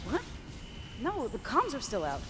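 Anxious game crewwoman, lively, wide-swinging delivery, music behind. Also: on the high side, unhurried. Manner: anxious, questioning. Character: anxious female crew member. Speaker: game character. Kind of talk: voice acting in a video game.

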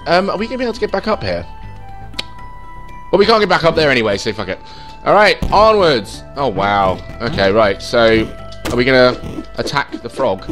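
A man's voice: measured pace, soft background music. A man casually swearing and reacting as he plays a game. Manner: excitable, sweary, jumps in pitch. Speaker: gaming channel host. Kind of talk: let's play commentary.

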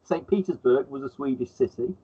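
A man in casual conversation, speaking haltingly and repeating words as he gathers his thoughts. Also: medium pitch, husky. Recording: tinny phone-like line.

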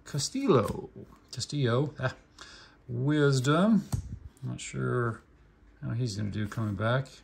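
A man's voice: medium pitch, gravelly, slight background noise. A man with a mixed Oklahoma and Indiana accent, casually reading card names aloud one by one while opening packs and adding short remarks. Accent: Oklahoma and Indiana mix. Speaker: card collecting channel host. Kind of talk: casual pack-opening commentary.

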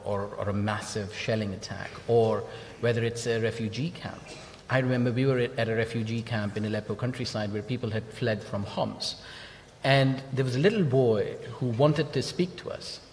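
A man journalist on a festival panel, speaking earnestly and emphatically, repeating points for weight. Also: medium pitch. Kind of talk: panel discussion. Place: large festival hall. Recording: long hall reverb with faint noise.

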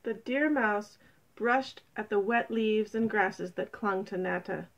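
A woman reading a children's picture book aloud in a gentle, expressive, unhurried way. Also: mid-range voice, vocal fry, dull audio, slight background noise. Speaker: storybook reader.

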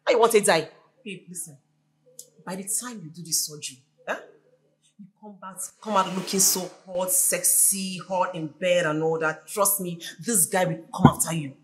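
An actress with a Nigerian accent playing a pushy, teasing best friend giving bold advice. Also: female voice, on the low side, normal speed, lightly acted.

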